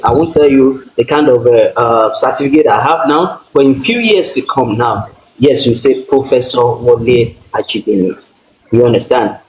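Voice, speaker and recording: A man with a Nigerian accent sharing his personal story as a guest speaker, earnest and full of restarts. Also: mid-range voice. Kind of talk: personal testimony talk. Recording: echoey room, faint noise.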